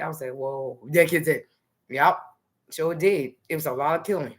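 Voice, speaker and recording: A woman's voice: fairly low pitch, normal speed. A woman from New Jersey talking in a loose, rambling personal monologue to the camera, dotting her talk with "okay" and "nice". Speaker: vlogger.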